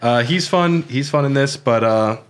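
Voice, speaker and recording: A man's voice: medium pitch, normal speed, smooth. A man co-hosting a podcast, talking casually about a film with many fillers and restarts. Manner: relaxed, hesitant, lots of fillers and restarts. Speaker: podcast co-host.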